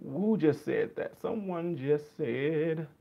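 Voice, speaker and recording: A man's voice: fairly high pitch, slow pace, gravelly. Chatty Jamaican man on a livestream. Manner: relaxed, chatty, answers viewers by name. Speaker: livestream host. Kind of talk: casual livestream chat with viewers.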